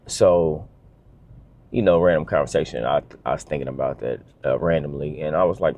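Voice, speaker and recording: A man's voice: a bass voice, moderate pace, darkish tone, dry recording, dull audio. A man telling a heartfelt family story as a father in a casual vlog, earnest and emotional, often restarting his sentences.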